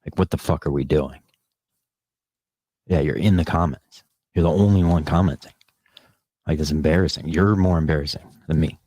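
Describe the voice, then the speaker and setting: A man's voice: a bass voice, moderate pace, long pauses, dark tone, breathy edge, no room sound. A podcast host on a casual live stream, rambling and swearing as he talks back to the chat comments.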